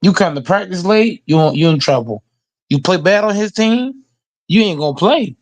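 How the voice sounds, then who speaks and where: A man's voice: sits high, lively intonation, moderate pace. A man hosting a casual sports reaction show, ranting emphatically and with heavy profanity. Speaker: host reacting to football news.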